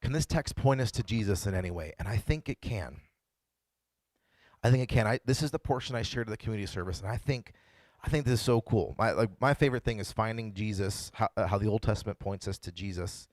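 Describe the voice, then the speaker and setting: A man's voice: on the low side, animated, fast talker, darkish tone, dry recording. A man pastor giving a casual, conversational sermon and retelling the story in his own words. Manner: conversational, playfully voices the characters he quotes.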